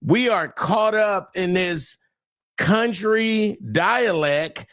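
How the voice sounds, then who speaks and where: A middle-aged man, a comedian guest, talking loud and animated, laughing through his stories. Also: high voice, very slow, no echo, studio quality. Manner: loud, talks over his own laughs, Southern Black church slang. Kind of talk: animated podcast chat.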